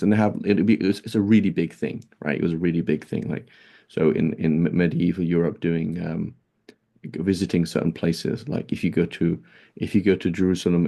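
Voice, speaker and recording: Gravelly low-voiced male teacher. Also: warm tone. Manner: conversational, many fillers and rhetorical "right?". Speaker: Islamic teacher. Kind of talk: casual classroom lecture.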